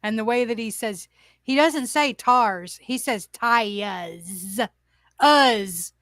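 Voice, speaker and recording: High, sharp-voiced woman host. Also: a little slow, no room sound, studio quality. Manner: profane, laughing, incredulous storytelling. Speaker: talk show host. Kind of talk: casual chat. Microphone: livestream studio mic.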